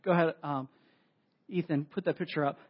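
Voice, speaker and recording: A pastor preaches in a high, bright voice, spinning a story with animated, self-deprecating asides to his congregation. The recording is dull and lo-fi, as if from an older sound system. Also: fairly quick, breathy edge. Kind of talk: sermon storytelling. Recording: dull lo-fi audio.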